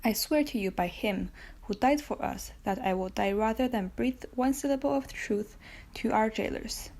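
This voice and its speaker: Woman reading a young imprisoned man, fervent and imploring, slightly high. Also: normal speed, darkish tone. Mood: pleading. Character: young male prisoner, desperate and pleading.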